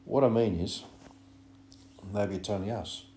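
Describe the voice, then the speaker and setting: A shy boy who halts over his words, voiced by a man reading aloud. His voice rises above the reader's low register. The room is roomy, with a faint hum. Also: steady tone, mellow. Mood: hesitant. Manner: hesitant, halting.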